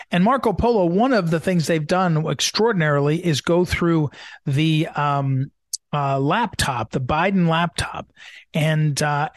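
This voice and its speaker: A man's voice: a little high, no room sound, studio quality. A man hosting a political talk show, talking animatedly and emphatically with many fillers and restarts. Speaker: host.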